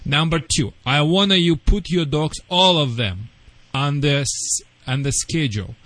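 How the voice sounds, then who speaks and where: A man who is not a native English speaker gives radio call-in advice as a dog trainer, with a fairly high voice. He talks in broken English and lays out emphatic step-by-step instructions. The sound is dry and close, with no room behind it. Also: unhurried, fairly bright tone, no echo.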